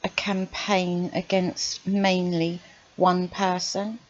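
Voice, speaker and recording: A woman's voice: on the low side, level tone, slow pace, no echo, muffled recording. A woman hosting her channel, commenting on clips with exasperated, sarcastic rhetorical questions. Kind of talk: reaction commentary.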